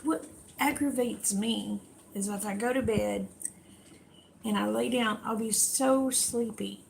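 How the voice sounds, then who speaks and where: A woman's voice: on the high side, slow, gravelly, slight background noise. An older woman chatting with viewers on a late-night livestream, folksy and tired. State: tired, yawning. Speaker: livestream host.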